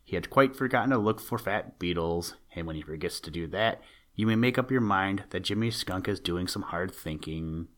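Low-voiced man reading a storybook. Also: lively intonation, normal speed, hardly any pauses, a bit bright. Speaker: narrator. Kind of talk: storybook narration.

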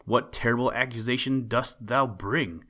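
A man's voice: medium pitch, moderate pace, fairly bright tone, natural voice. A man reading the lines of a stern, solemn king in a storybook tale. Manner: stern, formal questioning.

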